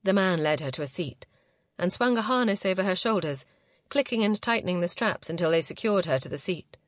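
Lower-voiced woman narrating a story. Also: expressive, brisk, no room sound, clean studio sound. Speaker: audiobook narrator. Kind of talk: scripted narration.

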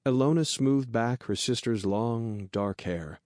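This clip has a man with a medium-pitched voice narrating an audiobook at a steady, measured pace. The sound is clean studio audio and dry.

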